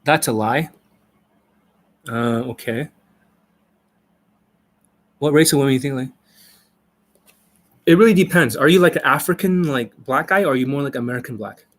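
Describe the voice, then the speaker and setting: A man talks off the cuff on a live stream, blunt and profane as he rambles through viewer questions. His voice sits at a middle pitch for a man. He coaches in a loose, unscripted way. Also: normal speed, long pauses. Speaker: dating coach.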